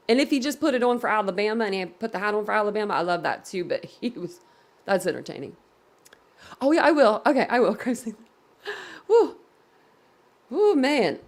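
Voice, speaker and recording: A woman hosting a casual live reaction stream, giggling constantly and laughing to tears. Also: a little high. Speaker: livestream host. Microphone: computer at desk.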